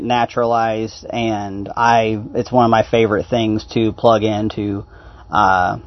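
A man giving a casual talk as a homesteading consultant, unhurried and pausing often with fillers. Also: on the low side. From Knoxville, Tennessee area. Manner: unhurried, with frequent "uh" pauses. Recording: dry, dull lo-fi sound.

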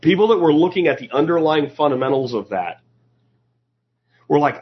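On a dull, lo-fi recording, a man hosting a podcast rambles through a snarky, opinion-heavy commentary, often starting sentences over. His mid-range voice is slightly rough, and he talks at a normal speed.

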